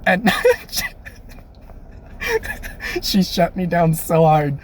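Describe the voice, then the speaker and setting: A young man casually telling a personal story, animated and laughing, acting out the voices of people he quotes. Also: on the high side, very slow. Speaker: storyteller vlogger.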